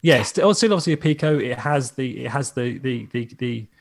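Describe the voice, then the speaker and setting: A man's voice: mid-range voice, animated, brisk, creaky. An English man co-hosting a podcast in casual chat, rambling along with many restarts. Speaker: podcast co-host.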